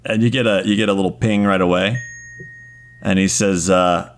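A man's voice: low voice, fairly even intonation, normal speed, slight background noise. A man narrating as game master in a casual way with laughing asides.

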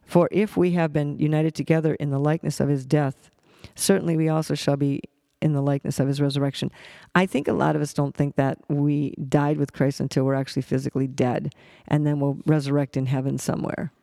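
A man with a gravelly, fry-edged voice teaches scripture conversationally, stumbling over words and circling back as he reads verses aloud. His voice sits a little on the high side for a man. The sound is dry and close, with no room echo. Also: level tone, warm tone. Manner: halting, with many restarts and fillers. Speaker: Bible teacher.

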